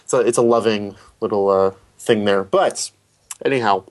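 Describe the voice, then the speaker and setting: A man's voice: lowish voice, moderate pace. A man discussing a film as a critic in a casual conversation, thoughtful, often restarting his sentences. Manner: thoughtful, many restarts and hedges.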